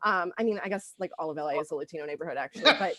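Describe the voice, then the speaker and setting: A woman's voice: lowish voice, racing, a bit bright, no room sound. A woman doing a stand-up comedy set, rambling with lots of ums and likes.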